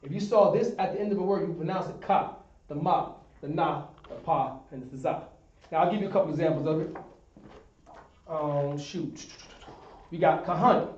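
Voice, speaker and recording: A man's voice: on the high side, moderate pace, long pauses, darkish tone. A man teaching a Hebrew class at a board, explaining step by step and checking that students understand. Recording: echoey room, distant dull sound.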